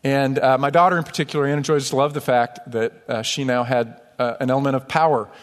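A man's voice: mid-range voice, steady tone, quick pace. A man from upstate New York preaching a sermon as pastor, conversational and self-deprecating, in a church sanctuary. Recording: long church hall reverb.

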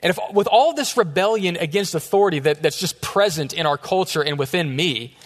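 Joking youth pastor in an echoey church. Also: male voice, fairly high pitch, lively intonation, a little fast. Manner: casual, joking storytelling. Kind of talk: sermon. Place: church sanctuary.

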